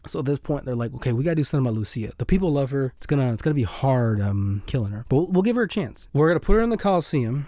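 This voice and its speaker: A young man casually recapping a movie, rambling and animated, acting out the characters' lines in passing. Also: mid-range voice, quick pace, few pauses, no room sound, studio quality.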